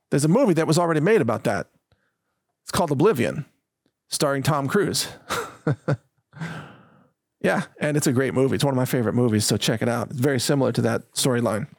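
A male host rants with emphatic indignation and mockery in a voice that sits fairly high. The sound is close and dry, with no room around it. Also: dry recording. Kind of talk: ranting monologue.

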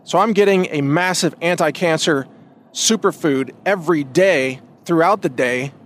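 A man on his own podcast, his voice pitched a little high for a man. He talks in a loose, rambling monologue, doubling back on his words and leaning hard on emphatic points. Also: normal speed, slight background noise. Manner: rambling, emphatic, many restarts. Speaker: podcast host. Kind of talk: casual monologue.

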